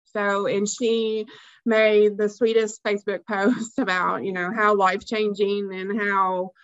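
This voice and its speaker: A woman's voice: medium pitch, flat delivery, unhurried, dry recording, dull audio. A woman school district educator telling a student story on a webinar, emotional and hesitant with many ums. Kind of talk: webinar panel talk.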